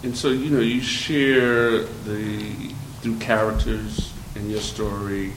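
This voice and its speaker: A man interviewing an author, asking measured questions with frequent fillers. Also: lowish voice, little pitch movement. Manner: deliberate, hesitant with fillers. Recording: roomy with faint noise.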